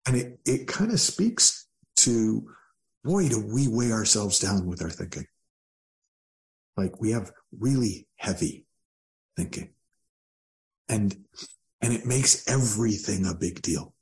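A man speaking as a guest coach in an interview, calm and thoughtful with a gently wry turn. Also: on the low side, slow pace, vocal fry, pauses often. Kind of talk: reflective interview talk.

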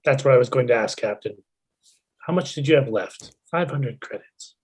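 A man playing a formal, deadpan droid in a tabletop game. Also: mid-range voice, normal speed, husky, lightly acted. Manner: formal, deadpan, calls the other player sir. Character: deadpan male droid, dry and calculating.

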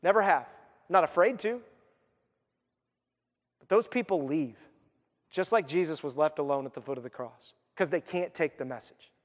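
Pastor, male, high voice, animated sermon delivery, long church reverb. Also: moderate pace, long pauses. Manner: animated, acts out voices and jokes.

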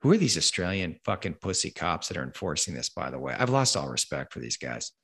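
A man's voice: deep voice, big pitch swings, brisk, a bit bright, breathy edge. A man hosting a conversation, ranting angrily and emphatically with lots of swearing. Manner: profane, angry, emphatic ranting. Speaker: podcast host.

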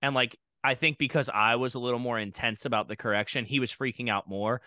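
A man co-hosting a podcast, an animated storyteller who acts out what people said. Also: mid-range voice, fast, dry recording, clean studio sound. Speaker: podcast co-host, diving coach. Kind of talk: podcast interview.

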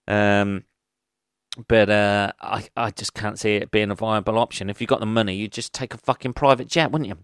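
Male host, profane solo rant, smooth dry close-mic sound. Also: lowish voice, steady tone, moderate pace, dry recording. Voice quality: profane, rambling, thinks aloud. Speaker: podcast host.

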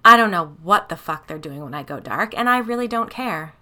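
A woman's voice: on the low side, animated, pushed and bright. A woman voicing a possessed woman who turns cold, bitter and ominous. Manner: bitter, then slow doom-laden pronouncements.

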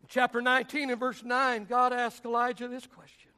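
A male pastor preaching a sermon with passion, often raising his voice to a shout. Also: very high voice, completely flat delivery, brisk, smooth.

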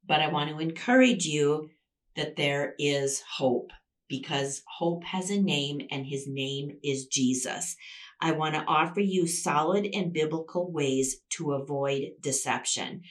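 A woman's voice: deep voice, unhurried, recorded from a distance. A woman hosting a Christian devotional podcast, teaching emphatically and repeating key phrases for stress.

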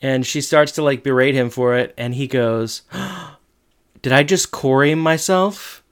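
A man with a clear, resonant voice chats easily as a podcast co-host, walking through an episode's plot. He drops into quoted lines with comic emphasis. His voice sits at an average pitch for a man. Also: moderate pace. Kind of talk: casual chat.

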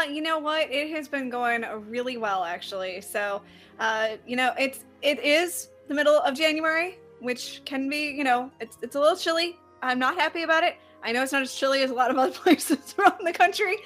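Bright, high-voiced chatty woman. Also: fairly quick, faint music behind. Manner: chatty, rambling. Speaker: podcast co-host. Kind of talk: casual chat.

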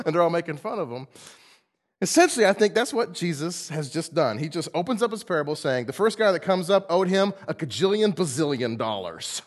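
Pastor guy preaching, lively swoopy voice, kinda high, big echo in the sanctuary. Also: fast. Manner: animated, playful, acts out quotes in voices. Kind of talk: sermon. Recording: long hall reverb.

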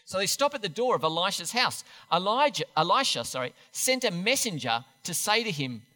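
A man's voice: high voice, big pitch swings, a little fast, hardly any pauses, pushed and bright, long reverb tail. A man preaching a sermon in a church, chatty and self-deprecating, often restarting his sentences. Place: church hall.

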